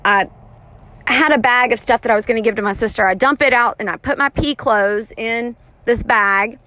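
A woman's voice: fairly high pitch, moderate pace, dry recording. A woman in her thirties telling an embarrassing story in a casual, chatty way, often poking fun at herself. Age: 30s. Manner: chatty, self-mocking, animated retelling.

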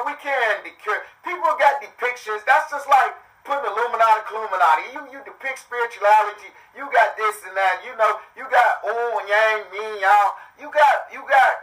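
A man's voice: high-pitched, sharp tone, distant mic, rough recording. A man hosting his own podcast, talking live in a loose, profane, joking way that drifts from topic to topic. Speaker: podcast host. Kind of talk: rambling live monologue.

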